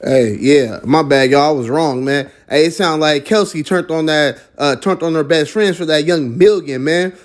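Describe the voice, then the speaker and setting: A man, the channel host, cutting in with loud, slangy asides, farther off the mic. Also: on the high side, normal speed, few pauses.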